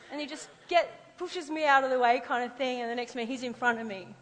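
A woman preacher telling personal stories in a lively sermon, acting out the voices she quotes. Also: high voice, brisk, few pauses, long reverb tail, poor audio.

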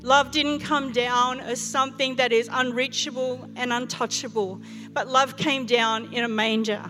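A woman's voice: on the high side, fairly even intonation, measured pace. A woman pastor, preaching a sermon in earnest storytelling fashion, often restarting her phrases. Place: large church hall. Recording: church hall reverb with music behind.

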